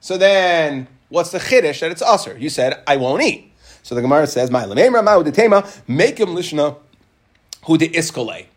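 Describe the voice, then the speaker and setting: A man teaching a lively Talmud class, explaining the text and acting out what people say. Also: on the high side, fairly quick. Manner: animated, acts out quoted speakers.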